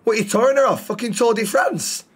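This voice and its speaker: A man's voice: extremely high pitch, big pitch swings, quick pace, slightly rough. A man streaming a roleplay game, chatting casually with lots of swearing and teasing banter.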